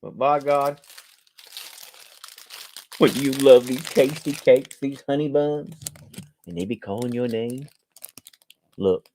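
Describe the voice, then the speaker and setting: A man's voice: mid-range voice, takes it slowly, long pauses, warm tone, slight background noise. A man, a preacher hosting a charity live stream from home, rambling and joking and laughing at his own lines. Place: home, indoors.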